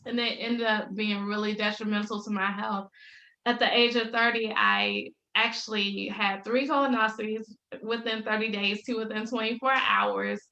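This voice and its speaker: Upbeat bright-voiced woman on a roomy call. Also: medium pitch, normal speed, lo-fi sound. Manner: upbeat, laughs often, faith-filled storytelling. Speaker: podcast guest, business coach. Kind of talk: casual interview chat. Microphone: video call. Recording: roomy echo.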